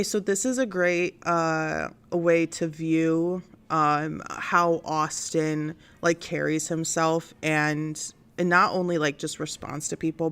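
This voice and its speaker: Her voice is deep and smooth, and she hosts a casual stream of news and commentary. She comes across as blunt and fed up, wandering through her points with many fillers.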